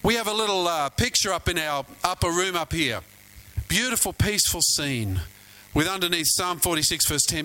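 A pastor delivers a sermon in a chatty, storytelling way, often turning to ask his listeners questions. His voice sits high for a man and sounds bright and forceful. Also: lively intonation, moderate pace, poor audio. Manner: storytelling, conversational, asks the congregation questions.

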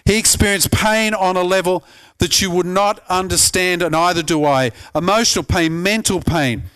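A pastor earnestly preaching a sermon, often climbing to emphatic peaks and stumbling over repeated words. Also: male voice, high-pitched, normal speed, a bit bright, clear, resonant tone.

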